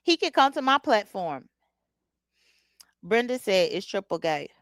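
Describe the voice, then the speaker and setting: A woman's voice: medium pitch, big pitch swings, a little slow, fairly bright tone, no echo. A woman hosting a casual livestream, talking bluntly with features and greeting chat viewers by name. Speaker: livestream host. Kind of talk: casual live commentary.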